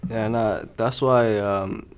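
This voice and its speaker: A man's voice: lowish voice, fairly even intonation, slow pace, clear, resonant tone. A man co-hosting a book podcast, rambling in casual chat with many fillers. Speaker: podcast co-host.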